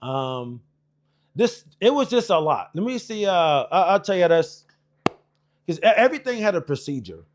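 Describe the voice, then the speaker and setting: Forties male veteran, slightly high voice, casual swearing storyteller with many ums. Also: sing-song, moderate pace, a little hiss or hum. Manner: rambling and profane, with many fillers and restarts. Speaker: Air Force veteran recounting his service.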